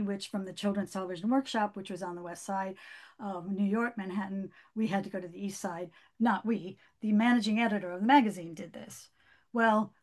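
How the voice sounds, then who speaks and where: Older woman telling a story, halting and stop-start. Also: medium pitch, darkish tone. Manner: halting, with many restarts and fillers. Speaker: guest. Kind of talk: conversational storytelling.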